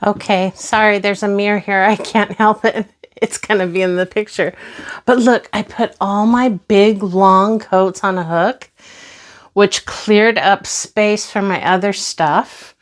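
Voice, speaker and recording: A woman's voice: mid-range voice, steady tone, a little slow. A woman in her sixties giving a chatty, upbeat tour of her closet in a casual home vlog. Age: 60s. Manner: chatty and upbeat, exclaiming as she shows things. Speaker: vlogger. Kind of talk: casual show-and-tell vlog.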